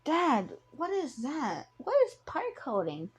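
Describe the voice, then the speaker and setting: A woman voicing a curious, eager young boy in a high, wide-eyed questioning voice while telling a fan story. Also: sing-song, takes it slowly, exaggerated voice.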